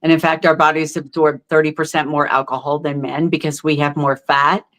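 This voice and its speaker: A middle-aged woman speaking as a guest in a candid podcast interview. Her voice sits a little low, and she talks in a heartfelt, halting way, full of fillers and restarts. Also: little pitch movement, fairly bright tone.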